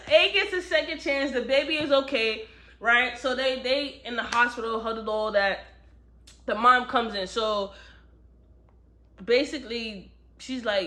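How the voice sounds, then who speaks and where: Bright-voiced woman chatting about a book. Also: fairly high pitch, unhurried. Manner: chatty, animated retelling with slang. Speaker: book reviewer. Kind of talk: casual book review chat.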